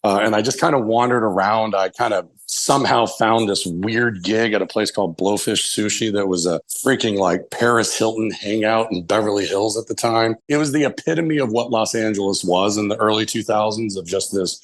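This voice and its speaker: Casual-talking man, chef guest, low voice. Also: moderate pace, hardly any pauses. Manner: rambling, candid, swears freely, acts out quoted dialogue. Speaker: chef and restaurant owner, podcast guest. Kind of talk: casual storytelling interview.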